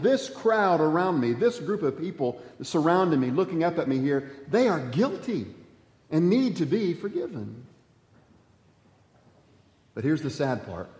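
A man pastor preaching a sermon, swinging between emphatic points and hushed, quiet passages. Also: a little high. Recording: echoey hall, dull sound.

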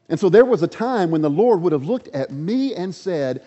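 A man's voice: sits high, sing-song, moderate pace, hardly any pauses, mellow. A man preaching a sermon, earnest and emphatic, building points through repeated rhetorical questions. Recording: dull lo-fi audio with long hall reverb.

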